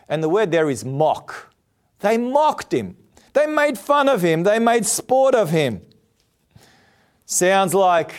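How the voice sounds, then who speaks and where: A male preacher giving a televised sermon, earnest and emphatic, asking rhetorical questions. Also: on the high side. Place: TV studio.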